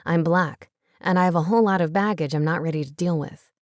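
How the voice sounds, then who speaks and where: A woman's voice: fairly low pitch, a little fast, no room sound, clean studio sound, lightly acted. A woman voicing an exasperated, burdened man in a storybook reading.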